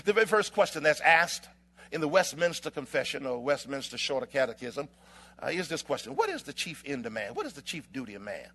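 A man preaches a sermon in a mid-range, sing-song voice. His delivery is impassioned, building to shouts and holding dramatic pauses within rhythmic, alliterative phrases.

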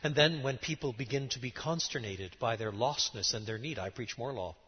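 Man, middle-aged, preacher, husky voice, animated sermon, dull recording, long hall echo. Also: medium pitch, a little fast. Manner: animated, emphatic teaching with sudden rises and drops. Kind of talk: lecture-style sermon. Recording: dull sound in a large reverberant hall.

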